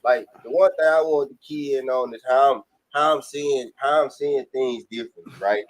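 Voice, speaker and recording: A man co-hosts a podcast in a mid-range voice at normal speed. His casual chat is loose, profane, and emphatic, circling back on itself.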